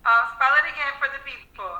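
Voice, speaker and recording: A woman's voice: high-pitched, brisk, sharp tone, reverberant, muffled recording. A woman co-hosting a podcast, asking questions and reading listener comments aloud. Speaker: podcast co-host. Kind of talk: casual podcast interview.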